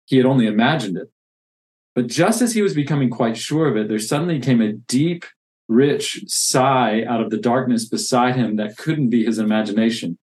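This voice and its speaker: A man's voice: medium pitch, a little mellow. A man who plants churches reads from a classic novel and reflects earnestly on faith. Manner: earnest, reflective, with many restarts.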